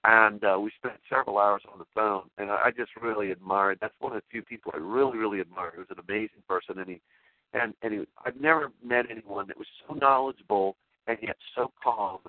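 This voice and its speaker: A male talk show host in a rambling spoken monologue, excitable and emotional, often restarting his sentences. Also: lowish voice, a little fast, no echo. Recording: tinny phone-line sound, dry.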